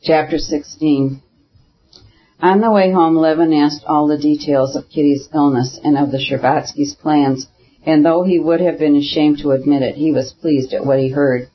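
A man with a slightly raised voice reads a classic novel aloud at a measured, even pace. The recording sounds dull and lo-fi, with the top end rolled off. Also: fairly high pitch. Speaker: audiobook narrator. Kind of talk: scripted narration of a classic novel.

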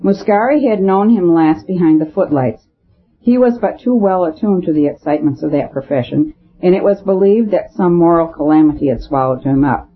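A measured storybook narrator reading a classic tale in steady phrases. The voice is husky and a little rough. The recording is squeezed into a thin, tinny band, much like a phone call. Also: mid-range voice. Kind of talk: audiobook narration.

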